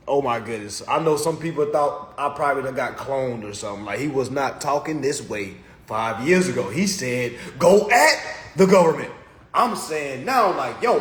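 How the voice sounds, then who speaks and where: A man delivering an animated motivational rant to his followers, preachy and repetitive, constantly checking in with his listeners. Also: high-pitched, roomy sound. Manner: preachy, keeps checking in with "all right?". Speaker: social media host.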